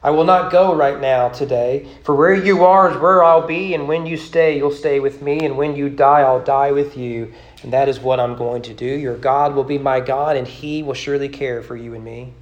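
A woman's voice: extremely low pitch, steady tone, normal speed, few pauses, highs cut off. A man reading a rhyming poem aloud and voicing a loyal, devoted young widow. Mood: earnest. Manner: rhyming sing-song recitation. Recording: roomy church sanctuary.

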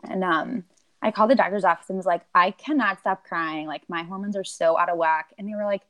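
Speaking quickly in a steady, lowish voice, this woman is a podcast guest who rambles casually with plenty of "like" and "um." She acts out her own remembered quotes along the way.

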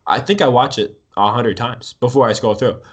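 Excitable young man telling a sports story. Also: mid-range voice, moderate pace, husky. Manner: excited storytelling, says dude a lot. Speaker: sports podcast host. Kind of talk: casual sports chat.

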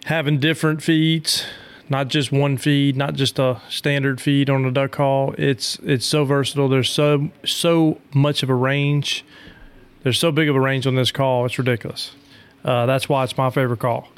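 A man's voice: mid-range voice, flat delivery, normal speed, smooth, no room sound. A man who makes duck calls, talking casually as a guest on a podcast. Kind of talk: casual interview talk.

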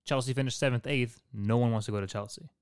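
Man co-hosting a smooth, dry football chat. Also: mid-range voice, fast talker, dry recording. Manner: leads the segments, hesitant restarts. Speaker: podcast co-host.

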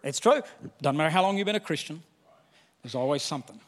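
Male pastor, high voice, lively sermon delivery, long hall reverb. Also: fast. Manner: animated preaching that slips into quoted voices.

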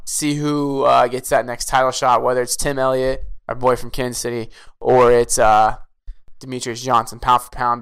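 A man's voice: mid-range voice, a bit bright, smooth. A man co-hosting a casual podcast, talking eagerly in a fan's rambling way. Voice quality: enthusiastic, fan-style rambling with restarts. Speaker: podcast co-host. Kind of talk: casual chat.

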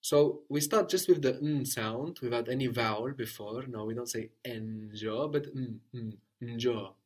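Guy teaching a language lesson, patient, kinda husky voice, keeps asking "no?". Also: medium pitch, normal speed. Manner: patient, prompts and corrects, often ends with "no?". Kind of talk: guided spoken language lesson.

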